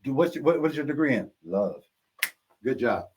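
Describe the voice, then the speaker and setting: A man, a podcast guest, telling animated, profane jokes and stories and laughing as he talks. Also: medium pitch, a little fast, a little hiss or hum. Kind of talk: casual storytelling with jokes.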